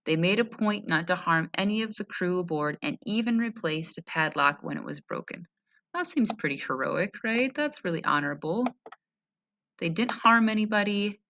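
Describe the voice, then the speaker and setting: A woman reads a history text aloud to a class, stopping often to comment and ask friendly rhetorical questions. Her voice sits a little low, yet it has a bright, forward edge. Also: lively intonation, normal speed, lo-fi sound. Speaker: teacher. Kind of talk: read-aloud history lesson.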